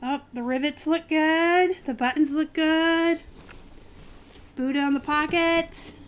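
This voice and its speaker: Chatty, excitable high-voiced woman. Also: measured pace. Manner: chatty and excitable, with frequent ums and likes. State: dry throat, clearing it. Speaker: reseller streaming an unboxing. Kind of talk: casual live-stream chat.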